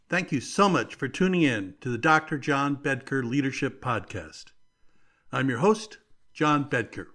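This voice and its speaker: A man hosting his leadership podcast, speaking in a deliberate, emphatic way with measured pauses. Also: on the high side, a bit bright. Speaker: podcast host. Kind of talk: scripted leadership commentary.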